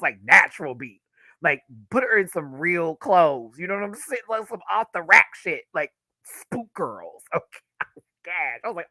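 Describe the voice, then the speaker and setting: A man's voice: sits high, bright, forceful tone, no room sound, clean studio sound. A man giving a live, gossipy reaction review of a drag reality show, talking casually with sassy asides and frequent laughter.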